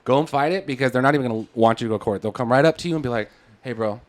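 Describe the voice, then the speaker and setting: Man, fast talker, casual podcast chat, animated storyteller, acts out quotes, swears a lot. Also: mid-range voice.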